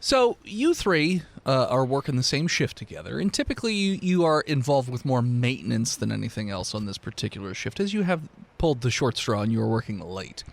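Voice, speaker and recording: A man running a tabletop game as game master, relaxed and rambling. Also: mid-range voice, fairly quick, creaky.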